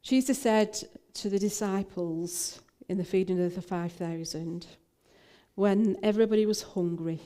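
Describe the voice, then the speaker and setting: A woman's voice: mid-range voice, unhurried, dark tone. An older woman minister, telling a personal story in a talk, with frequent fillers and restarts.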